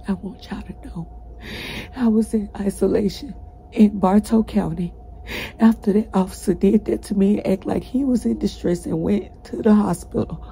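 A woman's voice: mid-range voice, gravelly, mellow, a little hiss or hum, poor audio. A woman tells viewers about her time in jail, urgent and pleading, out of breath and close to tears, her voice breaking as she talks. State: breathless, cried out. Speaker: person recounting a jail ordeal. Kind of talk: emotional first-person testimony to viewers.

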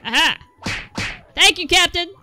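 A young adult woman giving let's play commentary, excitable, with panicky outbursts and self-mocking banter. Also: very high voice, unhurried, background noise. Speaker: gaming YouTuber.

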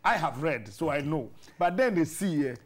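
A Ghanaian morning show host reads passages from a book aloud and lectures his viewers about reading. His voice sits a little high, and his manner is earnest. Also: animated, normal speed, a little hiss or hum. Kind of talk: reading aloud from a book, then interview chat.

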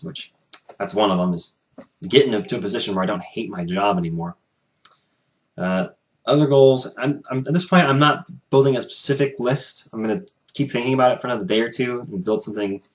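Frustrated young man venting at home. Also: lowish voice. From United States. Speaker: vlogger. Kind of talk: casual vlog rant.

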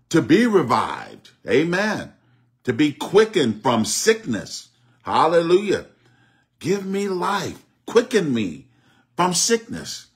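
A middle-aged man preaching a Bible study, repeating phrases and dropping frequent amens. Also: a little high. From Oklahoma, US. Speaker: bishop teaching Bible study.

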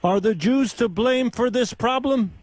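Man voicing an accented prank caller, higher than usual, asks blunt questions. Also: measured pace, darkish tone. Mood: mock-earnest. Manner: questions in blunt broken English.

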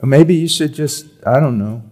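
A man preaching a sermon at a conference, reading aloud with emphasis, then dropping to quiet, confiding tones and repeating words to drive a point home. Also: medium pitch, moderate pace. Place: church or conference hall.

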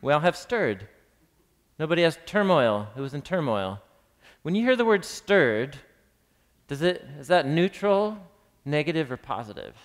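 A man's voice: on the high side, very animated, normal speed, pauses often. Man teaching scripture in an echoey hall. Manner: conversational, quizzes the audience, reads scripture dramatically. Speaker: Bible teacher. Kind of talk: live teaching to a class. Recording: long reverb of a large hall.

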